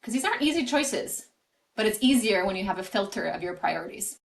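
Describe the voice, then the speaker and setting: A woman's voice: medium pitch, lively intonation, brisk, creaky, poor audio. Earnest woman career coach explaining. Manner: earnest, explanatory, restarts phrases. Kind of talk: podcast interview answers.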